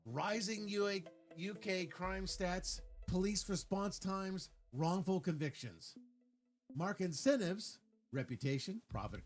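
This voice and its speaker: A man on a livestream giving an argumentative political rant, reading comments aloud and rebutting them point by point with frequent restarts. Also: sits high. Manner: stumbling restarts, lecturing tone.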